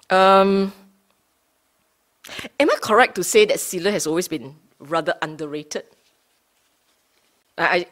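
Slow, low-voiced woman giving a Dhamma talk. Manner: unhurried, often checks in with listeners; rephrases and repeats points for emphasis. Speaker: Buddhist Dhamma teacher. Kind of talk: Dhamma talk to a study group.

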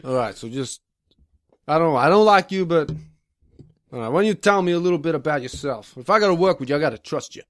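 Here is a man playing a tough-talking street cop stuck with a partner he dislikes. He is brash and crude, and his fairly high voice bounces up and down as he talks. The sound is dry and close to the mic. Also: lively intonation, quick pace, a bit bright, no room sound. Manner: brash, cursing, laughs a lot. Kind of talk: improvised comedy role-play.

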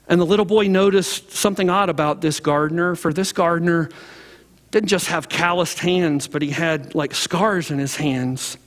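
Male pastor, high voice, storytelling sermon, long hall reverb. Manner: conversational, frequent "like" fillers, slows and softens toward the end.

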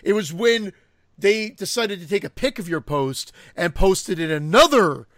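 A man's voice: high-pitched, expressive, moderate pace, fairly bright tone, dry recording. A man in a casual podcast chat, ranting in heated, profane bursts.

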